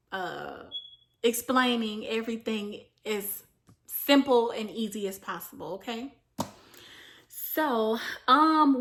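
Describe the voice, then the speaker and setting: A woman's voice: medium pitch, fairly bright tone. A young woman from the United States talking earnestly to camera in a vlog, explaining at length with frequent fillers. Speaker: vlogger. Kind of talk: casual talk to camera, reading from notes.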